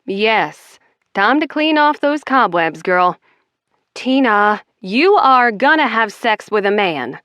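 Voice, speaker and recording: A woman's voice: medium pitch, very animated, slow, fairly bright tone, clear, resonant tone, dry recording, clean studio sound. A woman voicing a brash, loyal female bartender in an audiobook, blunt and profane. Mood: teasing. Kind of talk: audiobook character voice.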